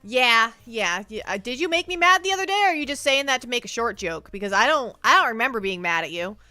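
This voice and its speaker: A woman streamer chatting live with her viewers in a bright, high voice. She plays up mock hurt feelings and teases her chat, stumbling over and repeating words as she goes. The sound is close and dry. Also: animated, fast, no echo. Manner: playful, mock-hurt, often repeats words while thinking. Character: speaks as a sensitive penguin streamer persona. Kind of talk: casual livestream chat.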